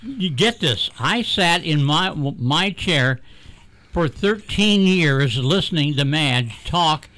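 A man's voice: on the high side, expressive, slow, sharp tone. An older man, a radio regular, chatting casually and telling folksy, teasing stories.

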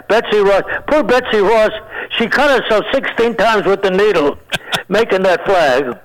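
A man's voice: high-pitched, fairly bright tone, rough recording. A man in his nineties, a comedian guest on a radio show, rambling through jokes, searching for words and laughing at his own punchlines. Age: 90s. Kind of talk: casual joking chat.

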